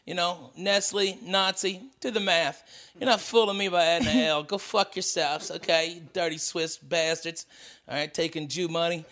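A Southern US man with a high, bright voice swears his way through a jokey podcast rant. He talks loosely and crudely, firing off insults between laughs. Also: fairly even intonation, normal speed. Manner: profane, ranting, jokey. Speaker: podcast co-host. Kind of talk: casual comedic chat.

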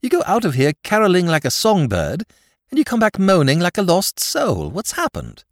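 A man doing a brash, bantering young gentleman. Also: high-pitched, huge pitch swings, no room sound, studio quality, pitched above the performer's own voice, full character voice. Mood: indignant. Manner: bantering, theatrical, quick.

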